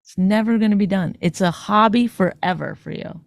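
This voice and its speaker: A woman co-hosting a podcast, teasing her partner in a dry, low-key way. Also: a little fast, creaky, no echo. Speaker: podcast co-host. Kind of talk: casual chat.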